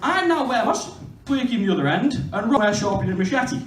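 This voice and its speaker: Lively high-voiced comedian. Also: male voice, fast. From Stoke-on-Trent, England. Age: 20s. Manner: crude, self-mocking storytelling. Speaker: stand-up comedian. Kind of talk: stand-up comedy set. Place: comedy venue stage. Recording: echoey venue heard from far off.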